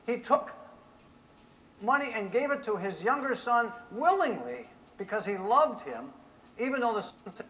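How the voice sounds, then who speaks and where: A male pastor preaching a sermon in an animated way, often asking the congregation rhetorical questions. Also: sits high, measured pace, a little hiss or hum, rough recording.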